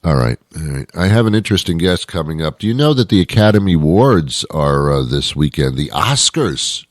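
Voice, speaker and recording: Deep-voiced sarcastic host rambling. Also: male voice, very animated, a little fast, no room sound, clean studio sound. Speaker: radio show host. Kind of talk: casual comic monologue.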